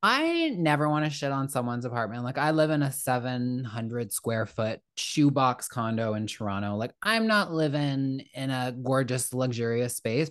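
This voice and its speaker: A woman's voice: rumbling low, dry recording, studio quality. A woman guesting on a podcast, chatting casually with wry jokes and some swearing. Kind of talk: casual recap chat.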